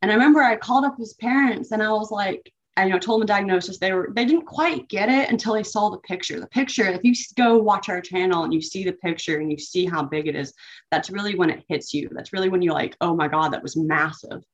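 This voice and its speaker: A woman guest on an interview, recounting a painful personal story in a halting, emotional way with many fillers. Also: medium pitch. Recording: dull lo-fi audio.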